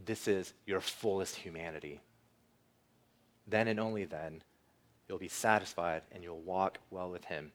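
A male pastor delivering a sermon with earnest emphasis, easing into a quiet closing prayer. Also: low voice, steady tone, unhurried, pauses often. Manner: earnest preaching, rising for emphasis, softening into prayer.

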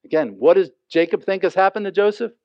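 A man delivers a sermon, reading a passage aloud and then unpacking it in plain, conversational words. His voice sits a little high for a man. The sound is dry and slightly dull, like a modest lo-fi recording. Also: fast, dry recording. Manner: reads scripture aloud then explains it conversationally. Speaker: pastor. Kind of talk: sermon, verse-by-verse Bible teaching.

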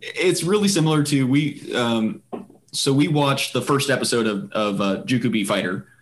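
A man's voice: mid-range voice, moderate pace, a little hiss or hum. A man hosting a casual podcast chat, rambling with many fillers and restarts. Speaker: podcast host.

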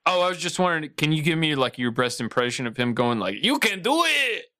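Bright-voiced pushy prank caller. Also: male voice, medium pitch, expressive, quick pace, clear, resonant tone, dry recording, clean studio sound. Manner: pushy, rambling, persistent coaxing. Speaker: host making a prank call. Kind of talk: prank phone call.

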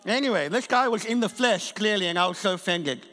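A man with a high voice preaches a sermon, telling a story and acting out the people in it. His voice rings out with a long reverb from a large church hall. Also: brisk. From England and South Africa. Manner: animated storytelling preacher, acts out quotes.

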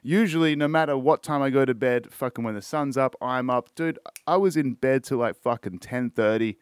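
A man's voice: mid-range voice, moderate pace, smooth, no room sound. An Australian man hosting a podcast, ranting in casual chat with constant swearing and repeated words. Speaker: podcast host.

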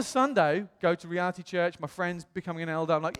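A British man preaching a sermon, telling a story with animated acted-out dialogue. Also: sits high, fast talker, clean tone, big-room sound. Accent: British English. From England. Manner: animated, acts out quoted voices. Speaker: pastor.

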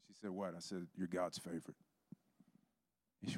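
A man's voice: low voice, brisk, long pauses, a little mellow, no echo. A man preaching a sermon, telling stories and acting out the voices in them. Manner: storytelling, acts out quoted voices.

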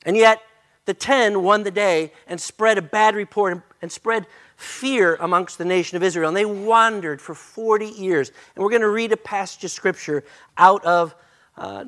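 An older man preaching a sermon as pastor, folksy and joking, his voice a little hoarse and breaking. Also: high-pitched, a bit bright.

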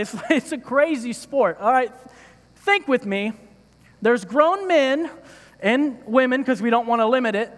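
Preacher, male, very high voice, playful and joking, hall reverb. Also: a bit bright. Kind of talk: sermon. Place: church stage.

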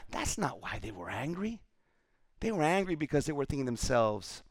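A male pastor preaching a sermon, retelling scripture with animated storytelling. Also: mid-range voice, normal speed, husky, dry recording.

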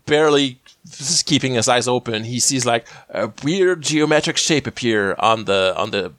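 A man's voice: mid-range voice, lively intonation, normal speed, fairly bright tone, dry recording. A man in a casual podcast chat, rambling through an episode recap full of "like" and "uh". His voice sits in a middle register and sounds close and dry, with no room around it. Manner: rambling, many fillers, acts out quotes. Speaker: podcast co-host.

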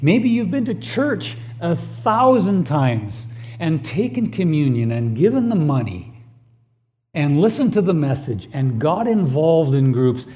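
A man preaching a sermon and reading scripture aloud, slow and deliberate, rising louder on key lines. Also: fairly high pitch, big pitch swings.

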